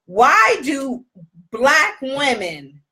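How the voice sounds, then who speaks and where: Lively high-voiced woman gossiping. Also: very slow. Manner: animated, laughing, acts out quoted voices. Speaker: co-host. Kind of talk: casual gossip chat.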